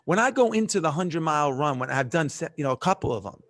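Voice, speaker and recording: A middle-aged man, a podcast guest, telling stories in an emphatic, punchy way with quick restarts. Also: a little high, animated, a bit bright, no room sound. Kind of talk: animated storytelling in conversation. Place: remote call.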